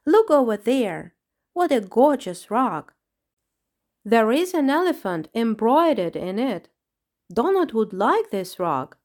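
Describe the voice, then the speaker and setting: Woman reading as an inquisitive young lizard lad, polite, pitched a little high, storybook voice. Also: sing-song, slow pace, a little mellow. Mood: curious. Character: curious young male lizard.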